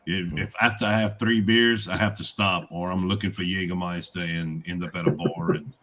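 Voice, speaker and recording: A man's voice: low voice, fairly even intonation, brisk, background noise. A man chatting casually on a video call, telling drinking stories with easy chuckles. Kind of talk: casual chat.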